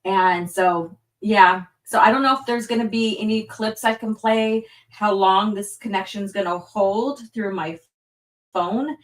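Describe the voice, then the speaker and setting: A woman's voice: medium pitch, measured pace. Rambling woman host, distant mic. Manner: rambling, apologetic, many fillers. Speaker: livestream host. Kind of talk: casual livestream chat. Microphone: phone hotspot stream.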